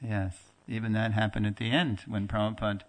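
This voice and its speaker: A man's voice: lowish voice, brisk. Man telling a story in class. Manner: animated storyteller, acts out quoted dialogue; conversational with fillers and restarts, laughs now and then. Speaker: teacher of a religious class. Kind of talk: storytelling lecture.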